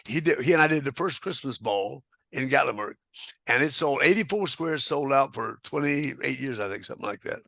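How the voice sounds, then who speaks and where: A man's voice: mid-range voice, lively intonation, fairly quick, creaky, pushed and bright, no room sound. An older man, a guest telling rambling anecdotes with chuckles and restarts. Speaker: guest square dance caller. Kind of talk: casual storytelling interview.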